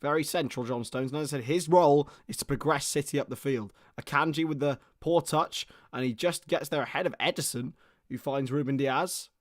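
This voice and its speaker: A young man giving excitable live football play-by-play on a stream, his voice starting to go hoarse, greeting viewers between plays. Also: a little high, fairly quick, no echo, studio quality. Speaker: football watchalong host.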